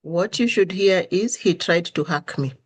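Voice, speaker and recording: A woman's voice: lowish voice, measured pace, slightly rough. A woman hosting a podcast, telling stories in a conversational way and acting out the quoted dialogue with changing intonation. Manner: animated, acts out quoted dialogue with shifting intonation. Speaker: podcast host. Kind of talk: conversational storytelling monologue.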